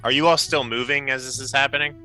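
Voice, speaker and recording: A man narrating a tabletop game as game master, with relaxed, lively storytelling. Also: medium pitch, fast, soft background music, poor audio.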